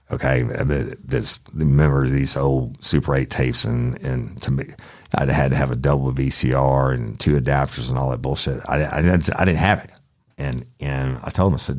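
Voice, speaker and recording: A man's voice: extremely low pitch, moderate pace, vocal fry, no echo, clean studio sound. A man telling a true crime story in a casual, profane way, speaking directly to his listeners.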